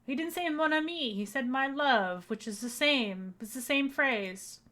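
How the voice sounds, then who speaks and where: A woman's voice: high-pitched, expressive, unhurried, pushed and bright. A woman vtuber giving casual, joking commentary while playing a game. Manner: chatty, joking asides. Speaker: vtuber streamer.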